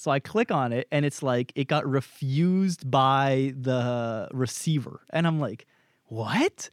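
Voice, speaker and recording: In a clean, dry studio recording, a young man from Canada speaks a little slowly with a mid-range voice. As podcast co-host, he spins a loose, profane, animated story, performing what other people said.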